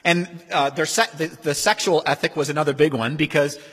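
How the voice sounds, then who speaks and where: A man preaching a sermon as pastor, in a conversational, animated way. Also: on the high side, brisk, slightly rough. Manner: conversational, animated, acts out quoted voices. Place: church sanctuary. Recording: long hall reverb.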